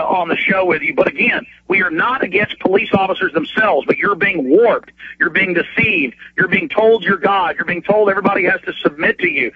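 A man hosting talk radio over a phone line, ranting in a fast, repetitive way with stammering restarts and bursts of outrage. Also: sits high. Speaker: radio host. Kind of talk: heated talk radio rant.

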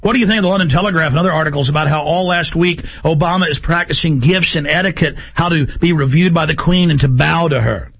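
A man hosting a radio talk show, firing questions quickly and reading news articles aloud in a rapid, pushy, excitable way. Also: on the high side, vocal fry, husky.

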